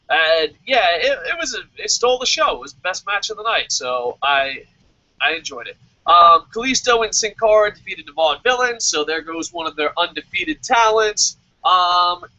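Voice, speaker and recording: A man's voice: on the high side, sharp tone, no room sound. Profane, rambling young man reviewing wrestling. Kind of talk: casual solo review with live comments. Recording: dull lo-fi home mic.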